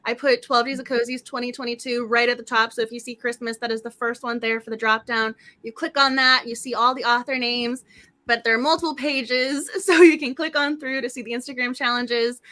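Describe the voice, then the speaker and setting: A woman hosting a book club livestream in casual, effusive chat, her voice slightly hoarse. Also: a little high, steady tone, brisk, sharp tone.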